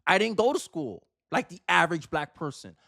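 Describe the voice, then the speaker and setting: A man's voice: a little high, sing-song, fairly quick, gravelly, sharp tone, no echo. Man, reaction commentary host, emphatic and argumentative, repeats phrases, dry close sound.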